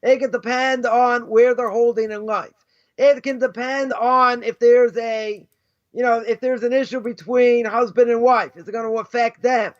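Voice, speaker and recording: Casting: rabbi, very high voice, lively lecture with anecdotes, muffled lo-fi sound. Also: male voice, normal speed. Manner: animated, repeats "right?" often, acts out quoted voices. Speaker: rabbi teaching Jewish ethics. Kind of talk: informal lecture with stories. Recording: dull lo-fi sound.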